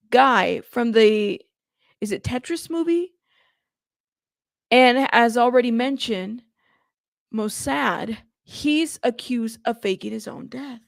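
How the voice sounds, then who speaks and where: A woman hosting a casual live stream, chatty and playful, reading viewer comments aloud and giving shout-outs. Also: fairly high pitch, vocal fry, dry recording, clean studio sound. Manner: playful, teasing. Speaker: livestream host.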